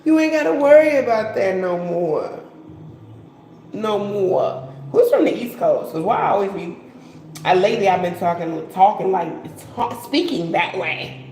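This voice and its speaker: A woman's voice: mid-range voice, animated, measured pace, dark tone. Laid-back lady reading tarot on a live, slangy and laughing, echoey room w faint hum behind. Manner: chatty, laughing, swearing, slangy asides. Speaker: tarot reader.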